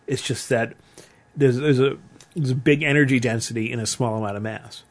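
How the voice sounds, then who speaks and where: A man's voice: medium pitch, fairly even intonation, a little fast. A man co-hosting a podcast, explaining earnestly in casual chat and stammering on repeated words. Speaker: podcast co-host.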